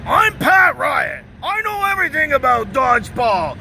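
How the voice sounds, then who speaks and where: A man putting on a mocking voice of a loud, boastful man who claims to know everything, shouting and whining. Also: very high voice, sing-song, measured pace, creaky, a little hiss or hum, voice pushed up, full character voice, rough recording.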